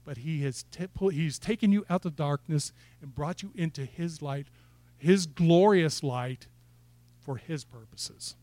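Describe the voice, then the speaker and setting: A man's voice: fairly high pitch, measured pace, warm tone. A man preaching a sermon in church, building to fired-up exhortation and asking the congregation questions. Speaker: pastor.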